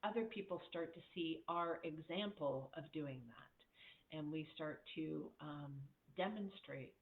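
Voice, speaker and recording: A woman's voice: deep voice, measured pace. A woman life coach giving a casual motivational talk, speaking candidly, laughing often and mimicking voices when she quotes people. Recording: echoey room over a tinny phone-like line.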